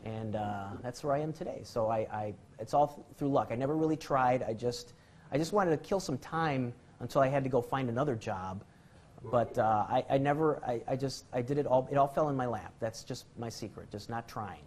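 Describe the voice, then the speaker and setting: A man's voice: medium pitch, a little fast, a little mellow, a little hiss or hum. A man giving a magic lecture, telling rambling self-deprecating stories and restarting his sentences often. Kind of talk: rambling comic storytelling and demonstration.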